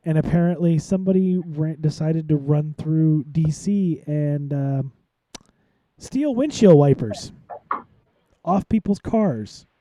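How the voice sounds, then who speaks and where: Tired male podcast co-host, very dark mellow tone, dry close sound, rambling with restarts. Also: on the high side, takes it slowly, dry recording, muffled recording. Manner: rambling, many restarts and fillers. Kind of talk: live podcast commentary.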